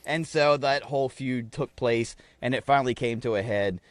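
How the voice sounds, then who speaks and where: A man co-hosting a podcast, telling an animated story in casual chat and swearing freely. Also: mid-range voice, moderate pace, no echo. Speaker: podcast co-host.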